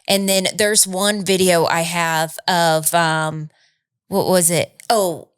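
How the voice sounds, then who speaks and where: A woman's voice: on the low side, steady tone, slow pace, clean tone. A woman from the Southern United States with a Southern accent, co-hosting a casual chat podcast in a chatty, easy-laughing way, tired from little sleep. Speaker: podcast co-host.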